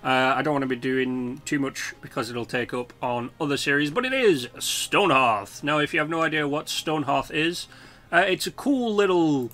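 A man's voice: on the high side, normal speed, bright, forceful tone, soft background music. A man hosting a casual let's-play video, chatting loosely with lots of fillers and the odd swear. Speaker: gaming video host.

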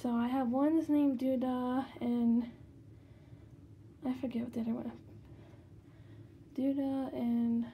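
A woman's voice: high-pitched, flat delivery, slow pace, pauses often, mellow, a little hiss or hum. A woman casually showing her doll collection in her bedroom, chatty and rambling with frequent fillers. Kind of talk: casual room tour vlog.

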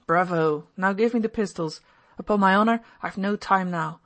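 A woman's voice: medium pitch, moderate pace, lightly acted. Mitya, a reckless young man read by a woman. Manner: loud, laughing, wild outbursts. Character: reckless excitable young man, drunk in spirit.

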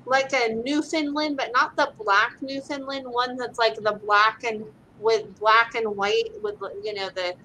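A woman's voice: on the high side, steady tone, measured pace, few pauses, sharp tone, slight background noise, poor audio. A woman from the US West Coast, an animal communicator, chatting casually and filling her talk with "like" and "right?". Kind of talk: casual chat.

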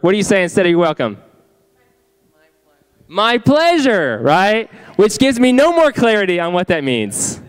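Chatty young youth pastor, a bit high. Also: male voice, smooth. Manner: chatty, asks the audience questions. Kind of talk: youth group sermon. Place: youth ministry room.

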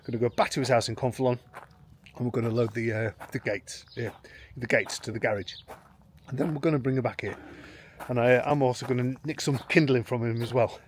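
A man's voice: medium pitch, fairly even intonation, a little fast, slight background noise. Chatty self-mocking man vlogging. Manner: rambling and self-mocking, with frequent restarts and chuckles. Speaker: expat family vlogger. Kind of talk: casual chatty vlog to camera. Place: in and around a home in rural France.

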